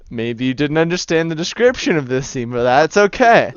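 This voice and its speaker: A man's voice: fairly high pitch, very animated, moderate pace, muffled recording, heavy background noise. A man narrating as game master of a tabletop game, casual and laughing often. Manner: casual, laughing, voices many figures.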